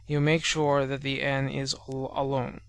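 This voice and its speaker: A man narrating a beginner language lesson over slides, explaining patiently and slowing down to sound out example words. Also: medium pitch, completely flat delivery, no room sound. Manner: measured and explanatory, spells out sounds slowly.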